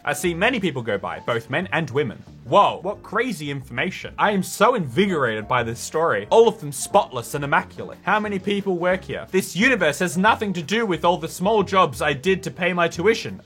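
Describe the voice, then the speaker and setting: Sarcastic guy reading a story game out loud, bright lively voice, bouncy, faint music behind. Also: on the high side. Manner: sarcastic, animated, mocking the script. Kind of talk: let's play commentary.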